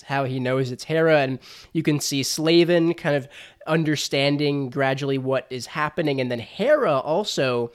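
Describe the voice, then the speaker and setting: A man co-hosting a casual fan discussion podcast, speaking enthusiastically with frequent hedging fillers. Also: mid-range voice. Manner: enthusiastic, many "kind of" hedges. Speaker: podcast co-host.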